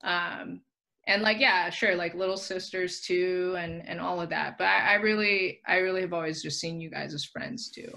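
A woman guest chatting casually on a podcast, full of "like" fillers and quick to laugh. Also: lowish voice, steady tone, creaky, bright, forceful tone.

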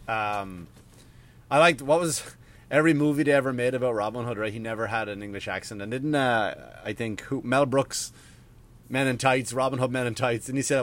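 A man, maybe, hosting a podcast in a profane, rambling, animated rant. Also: medium pitch, fairly quick. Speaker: podcast host. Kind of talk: casual ranting monologue.

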